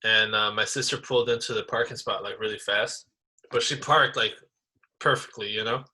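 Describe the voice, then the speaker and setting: A man co-hosting a podcast, telling stories in a casual, animated way, full of slang like bro and dude. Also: lowish voice, normal speed, breathy edge. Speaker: podcast co-host. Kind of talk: casual chat.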